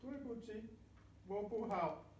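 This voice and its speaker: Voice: medium pitch, a little slow, a little mellow, slight background noise, natural voice. Someone voicing sheepish ape puppet Rudi. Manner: sheepish, apologetic. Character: naughty fruit-stealing ape puppet. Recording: echoey room.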